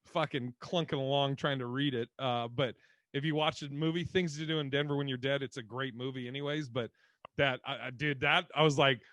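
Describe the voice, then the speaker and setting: A man's voice: mid-range voice, fairly even intonation, brisk, a bit bright, dry recording. A man co-hosting a podcast in casual chat, rambling and laughing, swearing freely. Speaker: podcast co-host.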